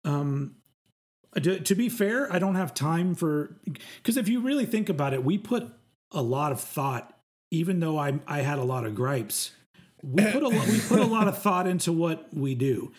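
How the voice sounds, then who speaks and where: A man from Texas co-hosts a casual music podcast. His voice sits a touch higher than most men's, and he rambles, swears freely and keeps restarting his sentences. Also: expressive, moderate pace. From Texas, USA. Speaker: podcast co-host. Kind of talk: casual chat.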